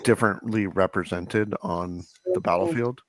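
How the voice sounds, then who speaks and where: A man's voice: sits low, moderate pace, dry recording. A man commentating a tabletop wargame, explaining tactics as he thinks aloud.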